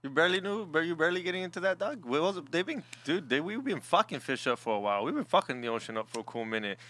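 Man, podcast co-host, fast talker, bright voice, slangy, jokey. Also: on the high side, animated. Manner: fast, joking, slangy, swears. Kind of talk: casual podcast chat.

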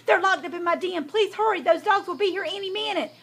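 A woman's voice: high voice, expressive, normal speed, gravelly. Woman doing a whining tricky old fox. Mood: panicked. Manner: pleading, whining, groaning. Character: mean tricky old male fox, wheedling. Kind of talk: storybook reading.

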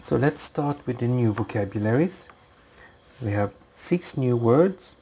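A man teaching English to young children, explaining slowly and patiently. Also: medium pitch, animated, mellow. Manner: slow, clear, patient explaining. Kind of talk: slow classroom instruction for children.

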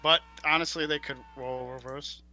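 A man's voice: on the high side, fairly even intonation, moderate pace, pushed and bright, a little hiss or hum. A young man co-hosting a casual podcast, ranting in exasperation and stammering when worked up. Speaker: podcast co-host.

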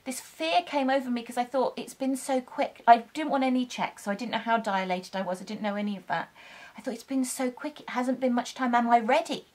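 Earnest woman with a higher voice. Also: fairly quick. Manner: earnest, gentle, spiritual. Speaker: vlogger telling her birth story. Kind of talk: heartfelt personal storytelling.

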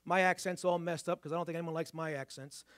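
A male pastor delivers a sermon in a church, his accent mixing New York and Boston. His voice sits high for a man and sounds close and dry. He keeps it conversational, slowing down on key points and asking the room rhetorical questions. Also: fairly even intonation, a bit bright, no echo. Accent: mix of New York and Boston. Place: church sanctuary.

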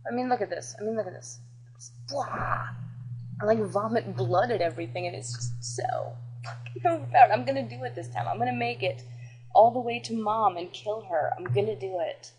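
Brief: excitable woman gamer, casual running commentary, talkative and profane. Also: mid-range voice, quick pace, slight background noise, rough recording. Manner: chatty, excitable, swears and jokes while playing. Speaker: gameplay commentator.

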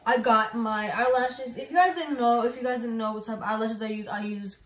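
Talking briskly with a somewhat high voice, a woman rambles through a casual phone walkthrough vlog, full of "like" and "y'all". The mic is distant and the room echoes.

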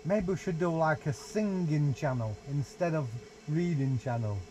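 A man's voice: fairly high pitch, moderate pace, a little mellow, low-quality recording. A young man, reading a picture book aloud to his baby in playful sing-song baby talk, inside a small caravan. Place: small holiday caravan, indoors. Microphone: 360 VR camera nearby.

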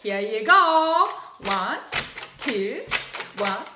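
A woman's voice: on the high side, big pitch swings, very slow, bright, forceful tone, roomy sound. A woman leading a preschool art and music circle time, exclaiming and sing-song as she plays with puppets for young children.

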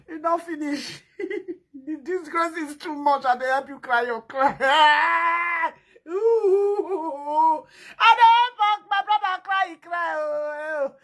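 A Nigerian woman with a very high, bright voice wails and sobs for comic effect in a skit. She stretches her words slowly and breaks into loud, sing-song cries and laughter. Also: animated. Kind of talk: comic skit, mock crying in Pidgin English.

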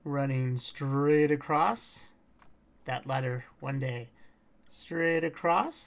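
A woman with a bass voice speaks very slowly while streaming a game walkthrough. She chats casually with her viewers and her in-game pet, sometimes humming or singing snatches.

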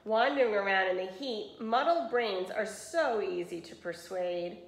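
A woman's voice: mid-range voice, measured pace, lightly acted. A woman voicing a sly, scheming male wolf from a storybook, sneering and gloating, in a roomy echo.

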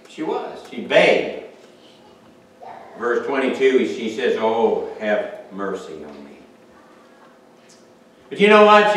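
A man's voice: fairly low pitch, a little hiss or hum. Man preaching in an echoey church. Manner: preaching in waves from hushed to shouting; asks the congregation questions. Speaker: pastor. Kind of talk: sermon. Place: church sanctuary. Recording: echoey church hall from far off.

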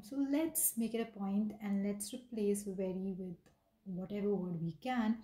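A woman's voice: medium pitch, mellow, roomy sound, poor audio. A woman giving a casual vocabulary lesson, explaining with repeated examples and slipping in Hindi phrases. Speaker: English vocabulary teacher.

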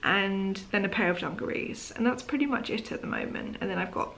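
A woman's voice: medium pitch, wildly swooping pitch, fairly quick, vocal fry, a bit bright, a little hiss or hum. Sleepy rambling woman vlogging to camera. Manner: rambling, chatty, apologetic, many "um"s and "like"s. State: sleepy, yawning. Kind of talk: casual chat to camera. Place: at home in the evening.

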